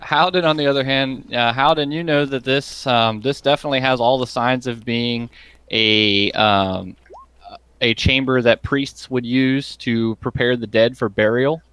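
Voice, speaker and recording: A man narrating a tabletop game as game master, pausing often with ums and likes. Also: medium pitch, steady tone, a bit bright, clean tone. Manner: hesitant, many ums and likes.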